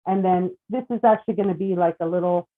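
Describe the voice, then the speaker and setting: A woman in her forties, a children's book author, talking earnestly and warmly about her story in a casual group chat. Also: fairly low pitch, fast. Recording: phone-like narrow sound.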